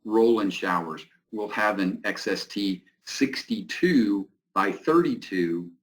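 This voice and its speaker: A man's voice: fairly low pitch, lively intonation, slow pace, poor audio. A man giving a technical building-code presentation and answering questions, with many fillers. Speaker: product representative presenting.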